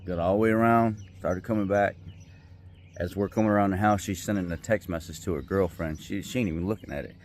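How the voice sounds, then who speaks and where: Low-voiced man telling a story. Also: fast, a little mellow, a little hiss or hum. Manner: rambling, folksy, heartfelt. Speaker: vlogger. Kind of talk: casual storytelling vlog. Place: outdoors by a river.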